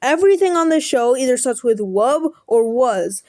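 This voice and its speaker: A woman's voice: sits high, expressive, moderate pace, warm tone, no echo. A young woman reading a snarky article aloud, sarcastic and profane, sometimes tripping over words. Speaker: content creator.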